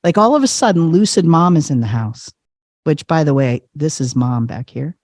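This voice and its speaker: Male podcast guest, animated storyteller who acts out voices, dry close sound. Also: fairly high pitch, moderate pace, dry recording. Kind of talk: personal storytelling in casual chat.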